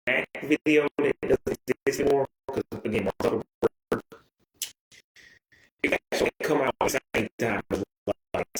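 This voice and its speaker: A YouTuber rambles through a loose, profane monologue to his viewers, jumping between asides and restarting his sentences often. His voice is at an ordinary middle pitch, and the room adds a noticeable echo.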